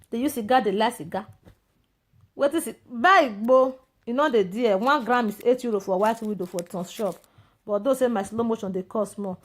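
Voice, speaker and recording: A woman with a Nigerian Pidgin English accent in a rambling, mocking monologue, confronting a rival and chatting to her viewers. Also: on the high side. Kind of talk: casual ranting monologue.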